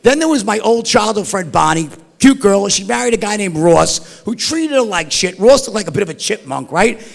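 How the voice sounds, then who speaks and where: A middle-aged man telling a wild story in an animated, profane, rambling way, tossing in "right?" and "like" all the time. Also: high-pitched, normal speed, gravelly. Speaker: storyteller guest. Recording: long hall reverb.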